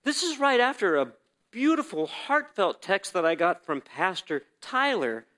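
In an unhurried, sing-song manner and a high voice, a man recounts his testimony at a church service. He dramatizes the quoted dialogue, his delivery ranging from quiet and reflective to loud and emphatic.

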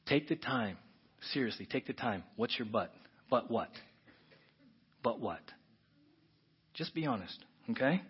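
A male pastor preaching a conversational, emotional sermon. He swings from hushed whispers to loud, emphatic bursts, with frequent restarts. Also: mid-range voice, animated, measured pace, pauses often, slightly rough. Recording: dull, muffled recording.

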